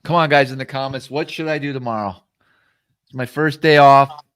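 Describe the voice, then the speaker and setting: A man's voice: medium pitch, fairly even intonation, fairly quick, a bit bright, clear, resonant tone, no room sound. A man who works as a fishing guide, chatting and joking on a live show and asking viewers for ideas. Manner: laid-back, joking, asks the audience. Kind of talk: casual live show chat.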